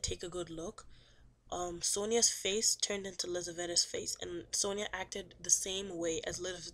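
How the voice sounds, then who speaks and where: A woman student casually retelling a story in her own words, chatty, with lots of "like" and "um", her voice often trailing off quietly. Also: fairly low pitch, slight background noise. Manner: chatty, says "he was like" and "um" often. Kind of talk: casual book summary.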